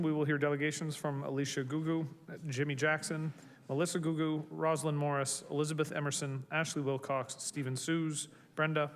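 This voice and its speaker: Man chairing a council meeting. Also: a little high. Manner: procedural, plain announcing. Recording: reverberant chamber, faint hum.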